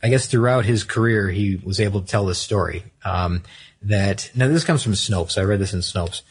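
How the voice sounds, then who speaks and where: Husky low-voiced man telling a story. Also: normal speed. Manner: rambling, self-correcting, reads from notes. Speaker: podcast co-host. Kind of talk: casual storytelling chat.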